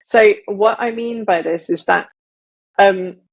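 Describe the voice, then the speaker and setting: Slow, hesitant woman with British accent. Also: mid-range voice, creaky, rough recording. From Malaysia. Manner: rambling, hesitant with many fillers and restarts. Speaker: podcast co-host. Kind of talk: casual podcast chat.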